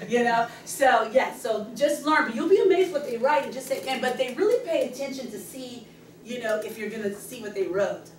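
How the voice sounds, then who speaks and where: A middle-aged woman, a real estate agent, giving a fast and excited training talk to her team at a meeting. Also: on the high side, a little hiss or hum. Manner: fast, excited, loud when passionate. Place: meeting room. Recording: echoey room, speaker far from the camera mic.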